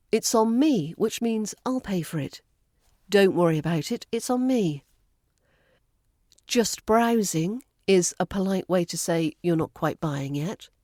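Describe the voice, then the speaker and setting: Woman, British RP, accent coach, slow measured delivery, close dry sound. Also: medium pitch, darkish tone, no echo. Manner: slow, careful, model-phrase delivery. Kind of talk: scripted teaching narration.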